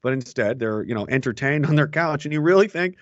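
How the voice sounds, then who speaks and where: A man's voice: medium pitch, lively intonation, brisk, no room sound, dull audio. A man co-hosting a casual political chat show, sarcastic and swearing freely with frequent laughs.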